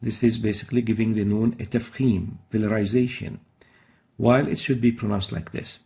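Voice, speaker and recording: A man teaching Quran recitation in a recorded lesson, explaining patiently and demonstrating each sound slowly and carefully. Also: fairly low pitch, fairly even intonation, creaky, a little mellow.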